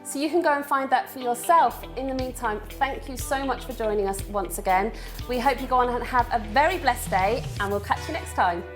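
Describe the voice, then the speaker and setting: British woman, thirties, parenting show co-host, animated storyteller, slightly high voice. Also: a little fast, over music. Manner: animated storyteller who acts out quoted dialogue. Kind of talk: casual studio chat.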